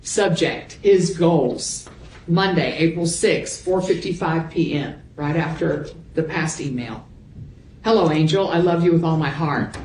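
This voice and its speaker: A woman prosecutor reading messages and timestamps aloud into the court record in a measured voice. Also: sits low, darkish tone, a little hiss or hum. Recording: echoey courtroom audio.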